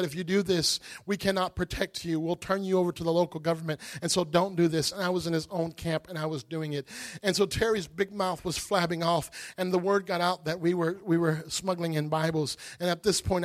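A man preaching a sermon, telling a testimony with impassioned storytelling. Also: high-pitched.

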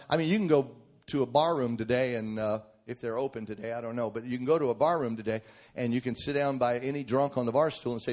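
A middle-aged man preaching a sermon, emphatic and folksy, swinging from shouted points to quiet joking asides. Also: medium pitch, quick pace.

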